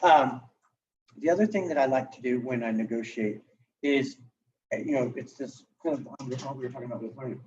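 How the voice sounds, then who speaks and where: Male real estate coach, thirties, animated conversational delivery; distant, muffled lo-fi recording. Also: mid-range voice, a little fast, slight background noise. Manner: animated, conversational, acts out client dialogue. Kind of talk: live coaching session talk. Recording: distant, dull lo-fi room recording.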